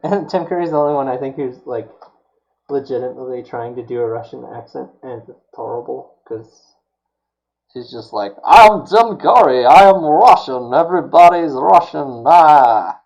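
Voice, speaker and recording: A man's voice: medium pitch, vocal fry, dark tone, muffled recording. A man chatting casually while building a prop on a live stream, rambling and full of fillers. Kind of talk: casual chat while working.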